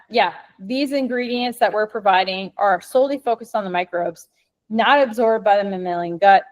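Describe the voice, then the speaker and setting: A woman's voice: mid-range voice, darkish tone. A woman with a Midwestern American accent giving an informal webinar presentation over a video call, rambling upbeat with frequent ums and restarts. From Minnesota, US. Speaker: company co-founder presenting to vets.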